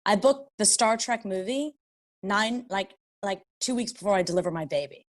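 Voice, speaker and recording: A woman in her thirties from Canada, a guest actor telling a story in a casual interview and acting out quotes with big jumps in pitch. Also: animated, normal speed.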